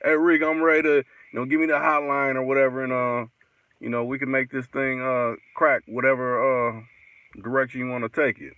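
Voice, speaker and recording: A man's voice: mid-range voice, steady tone, a little fast, smooth, no room sound, muffled recording. A man co-hosting a live stream in casual chat, slangy, and reading out viewer comments.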